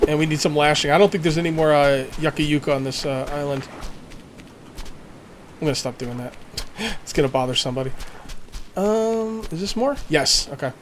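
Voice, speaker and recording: Male let's-player, chatty think-aloud commentary, slightly high voice, faint game sound behind. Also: normal speed, long pauses, noisy background. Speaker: let's play gamer. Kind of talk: casual gameplay commentary.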